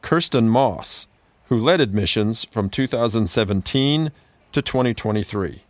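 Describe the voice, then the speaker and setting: A man giving scripted podcast narration in a measured, even delivery. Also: medium pitch, no room sound.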